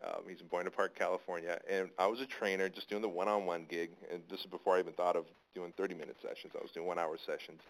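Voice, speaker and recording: A man's voice: sits low, little pitch movement, fast, hardly any pauses, rough recording. A man telling a long personal story as an interview guest, casual and rambling, often restarting his sentences.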